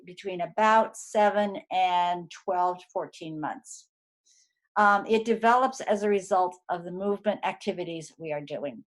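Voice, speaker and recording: A woman giving a lecture, talking conversationally with fillers and restarts. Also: mid-range voice. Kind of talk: recorded lecture.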